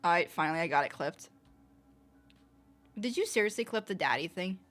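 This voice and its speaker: A young woman with a fairly low voice chatting casually on a livestream, playful and laughing often. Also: lively intonation, brisk, a bit bright, faint music behind. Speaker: streamer. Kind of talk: casual livestream chat reading comments.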